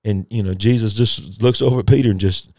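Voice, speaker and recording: Fervent low-voiced male preacher. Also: steady tone, a little fast, a little mellow, no room sound, studio quality. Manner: emphatic, repetitive, rising to fervent pitch; folksy, addresses listeners directly. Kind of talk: sermon.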